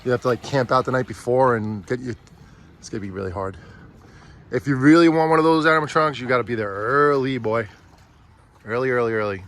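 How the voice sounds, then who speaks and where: A man vlogging as a father while unboxing a prop with his kids, chatty and teasing, easily excited. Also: medium pitch, fast talker. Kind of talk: casual chat.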